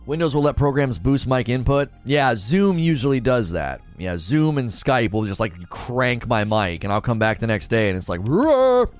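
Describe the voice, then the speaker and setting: Animated, rambling male streamer. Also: medium pitch, moderate pace, hardly any pauses, soft background music. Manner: animated, rambling, repeats words. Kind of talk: casual live-stream chat. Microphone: desk mic through mixer and preamp.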